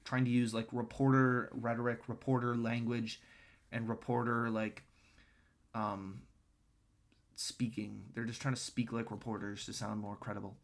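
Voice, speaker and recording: A man's voice: mid-range voice, flat delivery, normal speed, gravelly. A man ranting scornfully and profanely while reacting to video clips. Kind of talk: crude reaction commentary.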